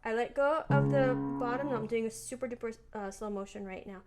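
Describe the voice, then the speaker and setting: A woman with a slightly high voice walks through her practice in a casual piano lesson. She thinks aloud, relaxed and chatty, as she plays. Loud piano fills the space behind her words. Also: a little fast. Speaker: piano teacher. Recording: voice over loud piano playing. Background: piano playing.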